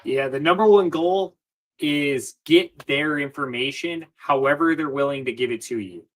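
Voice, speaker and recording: Man, slightly higher voice, confident coach, repeats key points. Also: normal speed. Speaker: guest. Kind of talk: interview answers, advice.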